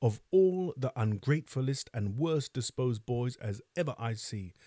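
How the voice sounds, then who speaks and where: A man voicing a stern, pompous parish official who speaks gruffly and scolds during a storybook reading. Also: mid-range voice, expressive, moderate pace, mellow, no room sound, clean studio sound, lightly acted.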